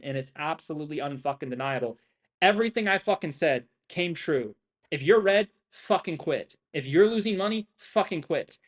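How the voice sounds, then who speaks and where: Brash, foul-mouthed young male trading streamer. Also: high-pitched. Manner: brash, boastful, heavy swearing, repeats "right?". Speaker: stock trading livestreamer. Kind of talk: profane ranting livestream talk.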